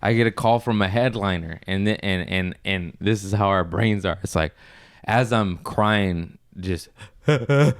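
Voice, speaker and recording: A man's voice: deep voice, a little slow, clean tone, no echo, studio quality. A male comedian in casual podcast chat, rambling and profane, often laughing mid-sentence.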